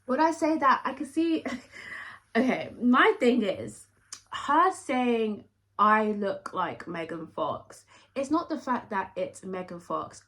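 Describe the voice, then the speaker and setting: Woman, bright clear tone, casual vlog rant, acts out quotes, chatty. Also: fairly high pitch. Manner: animated, acts out quotes, frequent "like". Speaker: reality show reviewer.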